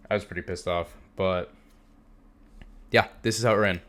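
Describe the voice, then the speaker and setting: A man's voice: sits low, steady tone, moderate pace, pauses often, fairly bright tone. A young man teaching a trading lesson over a screen share, casual and emphatic, repeating words for stress. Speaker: trading instructor.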